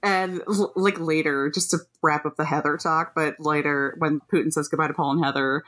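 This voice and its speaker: A woman's voice: low-pitched, normal speed. A woman co-hosting a podcast, chatting casually, often laughing and swearing as she tells a story. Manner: lively, laughing often, profane. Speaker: podcast co-host. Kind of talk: casual chat.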